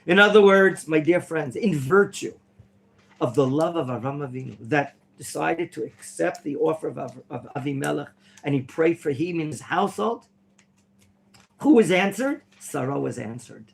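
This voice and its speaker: Animated gravelly rabbi teaching a class. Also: male voice, a little high, moderate pace. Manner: animated, questioning the class, bursts of theatrical excitement. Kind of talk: interactive Bible lesson. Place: classroom at a yeshiva.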